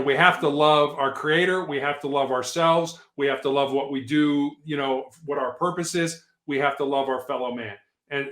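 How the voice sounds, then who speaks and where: A man's voice: a little high, fairly bright tone. A man guest author in a podcast interview, telling stories in an earnest, emphatic way. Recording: echoey room.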